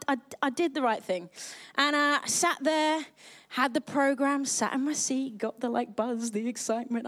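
A young woman pastor giving a live sermon in a bubbly, chatty, self-mocking way. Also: sits high.

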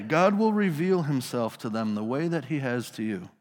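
A man's voice: medium pitch, sing-song, normal speed, few pauses, a little mellow, long reverb tail. A male pastor preaching a sermon in a casual storytelling manner, putting his listeners into the scene.

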